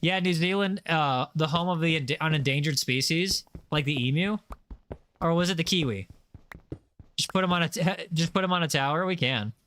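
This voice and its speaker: Bright-voiced rambling young streamer man. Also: on the high side, moderate pace, a little hiss or hum. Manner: rambling, filler-heavy, playfully boastful. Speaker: gaming livestreamer. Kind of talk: casual livestream chat. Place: home setup, lives in Los Angeles.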